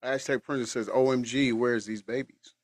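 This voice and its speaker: A man's voice: mid-range voice, fairly even intonation, moderate pace, no echo. A man chatting casually on a live stream, emphatic and repetitive, thanking viewers as he goes. His voice sits close and dry to the mic. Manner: emphatic, repeats himself, colloquial. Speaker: stream co-host thanking chat.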